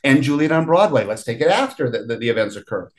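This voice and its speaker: A man's voice: medium pitch, expressive, quick pace. A middle-aged man, a film writer and director, talking in a casual interview with frequent laughs and restarted sentences.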